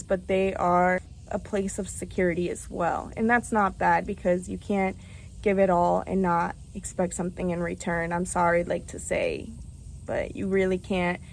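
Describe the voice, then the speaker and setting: A young woman opens up in a candid confessional vlog, talking frankly and chattily with lots of casual fillers. Her pitch sits in a middle range, and a faint hiss runs under the recording. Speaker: vlogger.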